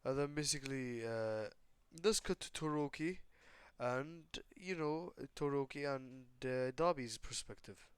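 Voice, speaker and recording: A man's voice: mid-range voice, a little slow, clear, resonant tone, no room sound. A teenage boy casually retelling a fan-made story, rambling with lots of fillers. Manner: rambling, many fillers like "basically" and "like".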